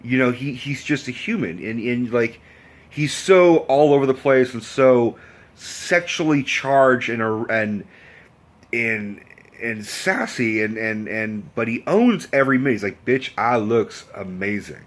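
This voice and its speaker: A man's voice: mid-range voice, expressive, measured pace. A man in a casual vlog rant, telling a story in a rambling, profane way with many restarts. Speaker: vlogger.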